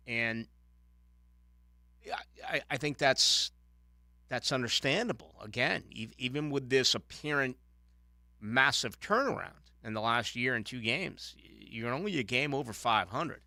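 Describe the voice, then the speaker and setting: A man's voice: medium pitch, gravelly, dry recording. A man hosting a sports talk radio show, giving opinionated commentary with frequent restarts. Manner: opinionated, animated, halting restarts.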